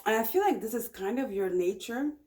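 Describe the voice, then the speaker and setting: A woman's voice: a little high, animated, brisk, darkish tone. Chatty woman giving a tarot reading. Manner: chatty, encouraging, repeats phrases often. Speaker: tarot reader. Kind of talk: casual pick-a-card tarot reading.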